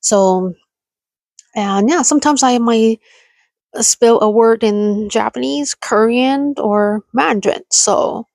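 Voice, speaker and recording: Woman streamer, unhurried rambling chat with viewers, laughs a lot, dry close mic. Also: a little high, vocal fry, a little mellow, no echo, low-quality recording. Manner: chatty, rambling, laughs often, reads chat aloud. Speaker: livestream host. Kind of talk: casual livestream chat with viewers.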